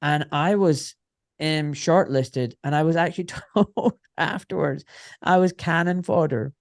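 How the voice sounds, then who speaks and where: Blunt, animated middle-aged man, slightly high voice, dry close sound, candid guest storyteller. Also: measured pace, gravelly, dry recording. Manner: animated, blunt, swears, acts out quoted voices. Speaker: guest, orthopaedic surgeon.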